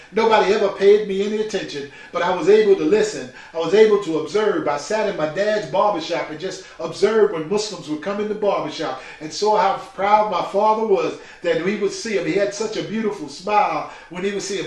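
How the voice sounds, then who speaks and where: An older New Yorker tells his life story as a preaching testimony, emphatic and repetitive, addressing listeners as brothers and sisters. His voice sits high with a darkish tone, moving fairly quickly with few pauses. He's far from the mic in a very echoey room.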